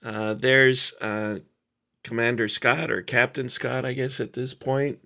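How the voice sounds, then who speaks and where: Middle-aged male collector host, unhurried, rambling casual chat full of ums. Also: medium pitch, little pitch movement, creaky, pushed and bright. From Southern California. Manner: rambling, halting, many fillers. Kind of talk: casual show-and-tell chat.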